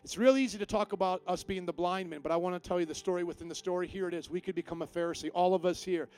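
A man pastor preaching a sermon with emphatic delivery, swinging between quiet and loud. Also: high-pitched, steady tone, rapid-fire, smooth.

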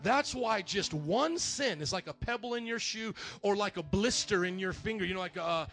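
A high-pitched man preaches to a church congregation with lively energy. He acts out the voices he quotes and rises to shouts. Soft music plays faintly behind him. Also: moderate pace. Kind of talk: sermon.

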